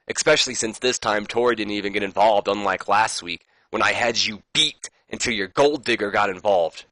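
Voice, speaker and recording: A man's voice: fairly low pitch, moderate pace, pushed and bright, dry recording. A man voicing a male wrestler who taunts a rival sarcastically. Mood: taunting.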